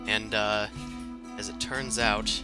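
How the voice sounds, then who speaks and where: A man's voice: lowish voice, flat delivery, takes it slowly, over music. A man running a tabletop game as dungeon master, chatting casually over a voice call with an easygoing, hesitant manner. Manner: easygoing, hesitant with many fillers.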